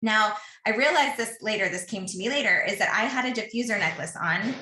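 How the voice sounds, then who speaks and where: A woman in her thirties tells a personal story on a podcast in a casual, chatty way, often stopping to restart a thought. Her voice is bright and forward. The room around her is echoey and noticeably roomy. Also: mid-range voice, brisk.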